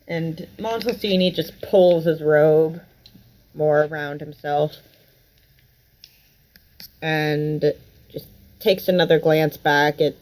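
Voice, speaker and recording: A woman's voice: low voice, poor audio. A woman narrating and running a tabletop role-playing game, speaking hesitantly with fillers. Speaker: game master.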